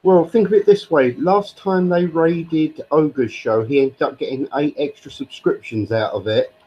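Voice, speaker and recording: A man's voice: fairly high pitch, unhurried, slightly rough. Supportive man on dull voice chat. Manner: agreeable, supportive, casual swearing. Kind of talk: casual chat.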